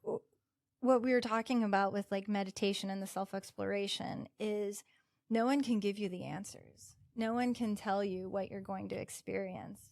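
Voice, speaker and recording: A woman's voice: mid-range voice, fairly even intonation, normal speed, vocal fry, a little mellow, no room sound, clean studio sound. A woman yoga instructor guesting on a podcast, explaining in a casual chatty way with many "like" and "you know" fillers. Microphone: podcast microphone.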